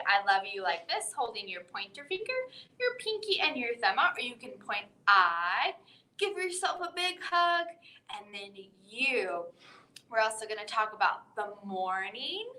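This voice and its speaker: A woman hosting a library storytime, reading a children's bedtime story in an expressive storybook voice with big swings for effect, then leading the kids through a song. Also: a little high. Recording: echoey room.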